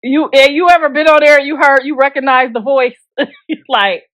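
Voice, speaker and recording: A middle-aged woman hosts a show, dishing out casual celebrity gossip in a blunt, joking way, laughing often and speaking straight to viewers in slang. Her voice is high and a bit bright, at a normal speed, in a dry recording.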